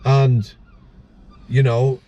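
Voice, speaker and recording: A man's voice: mid-range voice, little pitch movement, extremely slow, mellow, muffled recording. A man, hosting a casual chat show and telling blunt stories from his years as a prison officer, swearing freely. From England. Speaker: podcast host, former prison officer.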